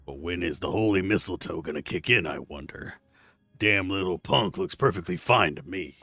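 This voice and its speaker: A grumbling, scornful male villain growls his lines in a dropped, gravelly register, put on by a man. The sound is dry and close, with faint game music underneath. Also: deep voice, expressive, moderate pace, pushed and bright, no room sound, voice pushed down, heavily acted.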